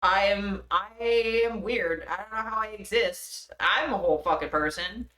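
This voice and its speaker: A woman's voice: medium pitch, a little slow, sharp tone, roomy sound. A young woman streaming live, chatting casually and swearing freely as she laughs at herself.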